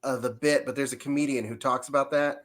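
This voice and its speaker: A man's voice: mid-range voice, steady tone, quick pace. Curious, easy-laughing male co-host. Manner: curious, asks questions, laughs easily. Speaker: podcast co-host. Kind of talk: casual chat.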